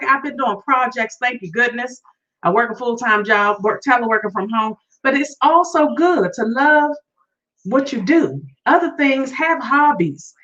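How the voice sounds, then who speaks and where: Upbeat high-voiced woman vlog host. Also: fairly bright tone. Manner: upbeat and chatty, repeats phrases, sings greetings. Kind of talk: casual chat to viewers. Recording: distant, dull lo-fi sound.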